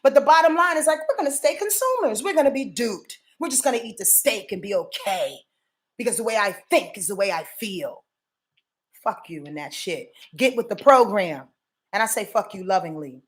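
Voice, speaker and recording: A woman's voice: mid-range voice, normal speed. A woman from Yonkers, New York, giving a casual astrology forecast. She swears freely and keeps checking that viewers are following her. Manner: profane, animated, addresses viewers directly.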